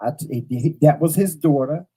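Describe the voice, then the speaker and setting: A man speaking to his audience in a mellow, husky voice. He tells a personal story bluntly, with cursing, and hammers his points home by repeating phrases. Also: fairly high pitch, moderate pace, poor audio. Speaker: host. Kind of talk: casual storytelling monologue to viewers.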